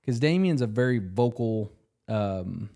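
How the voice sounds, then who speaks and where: A man's voice: lowish voice, expressive, measured pace, warm tone. A young man co-hosting a podcast, telling a personal story in casual chat, earnest and full of fillers. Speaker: podcast co-host.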